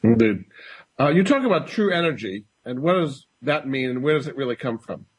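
Husky radio host asking short questions. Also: male voice, mid-range voice, big pitch swings, fairly quick. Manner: brief, affirming questions. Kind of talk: radio interview.

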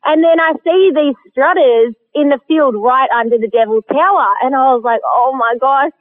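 An Australian woman guest telling a story in a casual, animated way, laughing often, heard over a phone line. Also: high-pitched, normal speed. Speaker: guest hunter.

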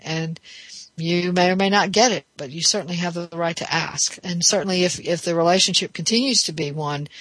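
A woman hosting a radio advice show as a therapist, talking in a relaxed, thoughtful way with many fillers and restarts. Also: lowish voice, dry recording.

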